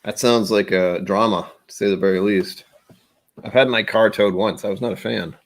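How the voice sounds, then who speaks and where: Deep-voiced guy chatting on his stream, rambly, mumbles little asides. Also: steady tone, normal speed. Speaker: livestream host. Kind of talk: casual livestream chat.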